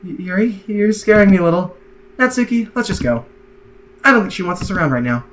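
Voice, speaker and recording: A man reading the lines of a calm young club president girl from a game, level and reasoning. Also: high voice, fairly quick, slight background noise. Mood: composed. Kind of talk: reading game dialogue aloud.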